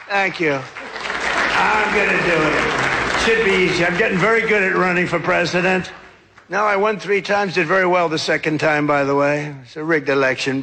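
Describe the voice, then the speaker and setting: A man's voice: high voice, gravelly, sharp tone, slight background noise. An older man, a politician, giving a boastful, rambling speech to a crowd. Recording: echoey hall with crowd.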